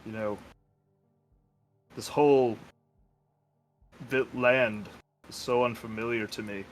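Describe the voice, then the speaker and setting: A man voicing a homesick masked male wanderer, speaking softly and quietly. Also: mid-range voice, steady tone, slow, a little hiss or hum, natural voice. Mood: wistful. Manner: soft, hushed speech.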